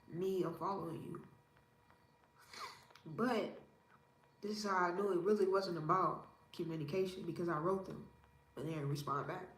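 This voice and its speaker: A woman in her thirties from Indiana, giving her opinions in a casual interview in a calm, measured, self-assured way. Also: on the low side. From Indiana, USA. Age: 30s. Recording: roomy echo with faint ambience.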